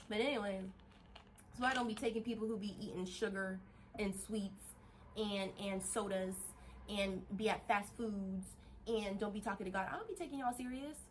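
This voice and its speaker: Woman, vlogger, casual rant, animated, laughs a lot, cusses, rambling restarts, mid-range voice. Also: medium pitch, moderate pace, slight background noise. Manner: animated, laughs often, swears freely.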